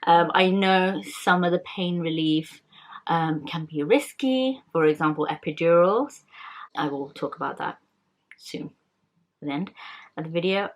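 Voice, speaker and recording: A young woman talks in a candid, rambling way, full of fillers and restarts. Her voice sits low for a woman. It is relaxed, everyday vlog chat. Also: unhurried. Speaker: vlogger. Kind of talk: casual chat.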